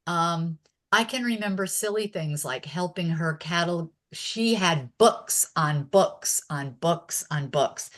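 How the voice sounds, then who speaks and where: Low-voiced woman, chatty podcast guest. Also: a bit bright. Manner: chatty, laughs often while recalling stories. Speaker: interview guest. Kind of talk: casual reminiscing in an interview.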